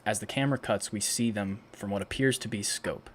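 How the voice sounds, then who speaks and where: A man's voice: lowish voice, a little fast, a little hiss or hum. A man narrating stage directions in a live read of a fan audio drama, plain and matter-of-fact.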